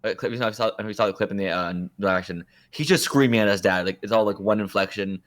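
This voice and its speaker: A man's voice: lowish voice, steady tone, fast, fairly bright tone. A man co-hosting a podcast, chatting casually and rambling through his opinions, often correcting himself mid-sentence. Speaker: podcast co-host. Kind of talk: casual chat.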